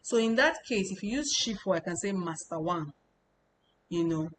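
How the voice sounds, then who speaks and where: Woman, language teacher, explains slowly, repeats points, mid-pitched voice. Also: animated, a little hiss or hum, low-quality recording. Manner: explanatory, repeats points, talks them through step by step. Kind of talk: informal online lesson.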